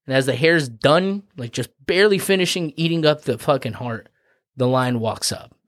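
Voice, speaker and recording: Brief: casual male co-host, profane, loose storytelling, mid pitch. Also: lively intonation, moderate pace, a bit bright, dry recording, studio quality. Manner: profane, rambling with lots of "like".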